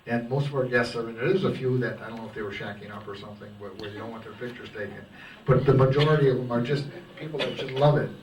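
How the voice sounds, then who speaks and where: A man's voice: mid-range voice, fast, crowd noise. An older man giving a rambling, folksy slide-show talk to a local group, chuckling at his own jokes. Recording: roomy, distant amateur recording with faint background noise.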